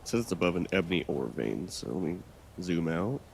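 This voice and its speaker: A man's voice: deep voice, sing-song, a little fast, vocal fry, slight background noise. A man giving loose, rambling let's-play commentary while he plays, thinking aloud and swearing now and then. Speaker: gaming channel host.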